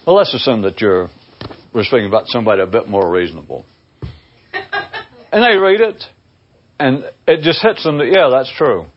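A man giving a rambling, discursive spoken monologue to his listeners on a dull, lo-fi recording. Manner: discursive, acts out imagined people in a high voice. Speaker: speaker addressing listeners.

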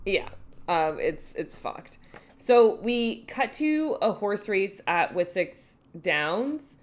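A woman's voice: medium pitch, lively intonation, slow. A woman co-hosting a podcast, recapping a TV episode in casual chat with a dry, wry manner. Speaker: podcast co-host.

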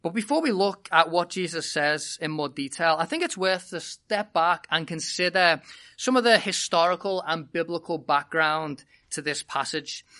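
Bright-voiced British preacher telling a story. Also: mid-range voice. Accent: British English. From Britain. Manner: humorous, animated storytelling. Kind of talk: sermon with an opening personal story.

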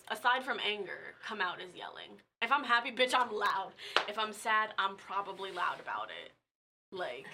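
Bright, blunt, profane woman co-host. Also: mid-range voice, a little hiss or hum. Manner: blunt, profane, laughs easily. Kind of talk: casual podcast chat.

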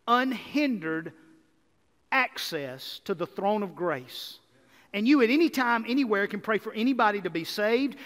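A man preaching a sermon as pastor, energetic and building to emphatic repeated lists. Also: sits high. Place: church sanctuary. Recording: reverberant hall.

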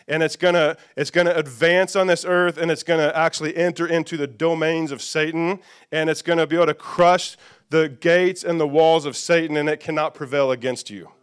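Man preaching with a smooth voice. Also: on the high side. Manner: conversational preaching with frequent "okay?" and "amen?" check-ins. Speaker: pastor. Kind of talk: sermon.

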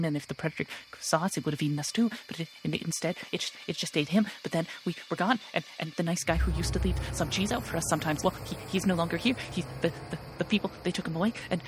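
A man's voice: a little high, slight background noise, lightly acted, poor audio. A man voicing a group of tiny frightened field mice in a tabletop game, babbling over and over. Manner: rapid, repetitive babbling.

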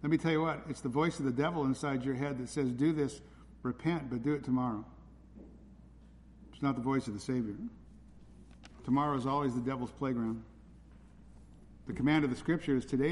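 A man's voice: medium pitch, fairly even intonation, quick pace. Urgent male preacher in a reverberant hall. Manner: urgent, pleading, emphatic. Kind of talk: sermon. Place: church hall. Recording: hall reverb with faint ambient noise.

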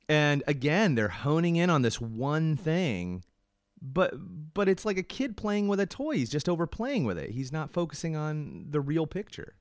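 A man's voice: fairly high pitch, sing-song, normal speed, no room sound. Dry close-miked man hosting an interview. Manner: candid, self-deprecating storyteller, frequent "mm" backchannels. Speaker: podcast host. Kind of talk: casual interview talk.

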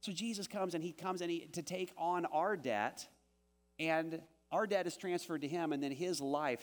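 A man preaching a sermon as pastor, animated and acting out the quoted voices of the story he tells. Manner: animated, acts out quoted voices with rising pitch.

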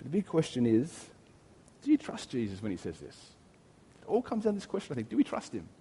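A man in his thirties preaching a sermon as pastor, telling stories in a chatty way with gentle humor. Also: medium pitch, huge pitch swings, fast, breathy edge, in a large hall. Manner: conversational storytelling with gentle humor.

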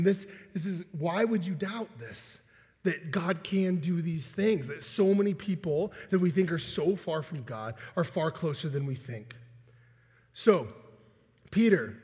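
A young man preaching, telling a story in an animated way and acting out the voices of the people in it. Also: on the high side, slightly rough. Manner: animated, acts out quoted voices with laughs. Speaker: pastor. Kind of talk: sermon with storytelling. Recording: long hall reverb.

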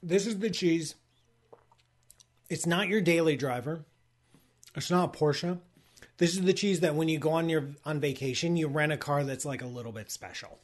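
A man's voice: fairly high pitch, moderate pace, long pauses. A man hosting a live stream in casual chat, talking enthusiastically with lots of restarts and asides. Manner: rambling, enthusiastic, self-interrupting with likes and restarts. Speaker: livestream host. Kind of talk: casual chat with sponsor read and cheese tasting.

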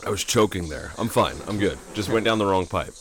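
A man's voice: low voice, expressive, a little fast. A man co-hosting a podcast, talking in a dry, matter-of-fact casual way. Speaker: podcast co-host.

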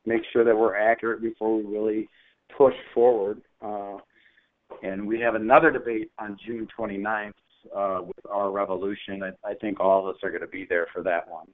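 Earnest, halting man candidate, phone-line sound. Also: lowish voice, flat delivery. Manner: earnest, halting, lots of fillers. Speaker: mayoral candidate guest. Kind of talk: casual interview answers.

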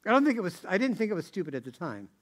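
A middle-aged man gives a sermon in a high, light voice. His delivery is chatty rather than formal, full of rhetorical questions and repeated restarts. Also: sing-song, very fast. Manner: rhetorical, keeps asking "right?", restarts and repeats phrases. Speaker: preacher. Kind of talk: conversational sermon.

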